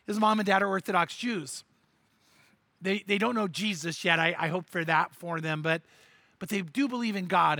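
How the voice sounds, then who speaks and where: A man's voice: high voice, sharp tone, no room sound. A man preaching a sermon and telling a story, acting out the characters' lines with animation and repeating words as he goes.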